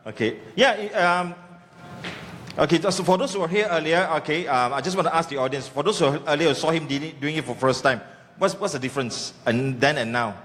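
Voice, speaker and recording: A man's voice: a little high, fairly quick, fairly bright tone. A man coaching a comedy workshop, giving chatty feedback peppered with "okay". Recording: hall with faint ambient noise.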